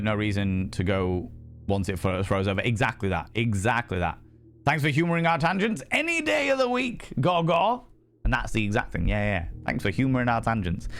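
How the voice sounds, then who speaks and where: A man chatting casually and playfully with his viewers while streaming a game, swearing freely. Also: fairly low pitch. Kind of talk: casual live-stream chat while gaming.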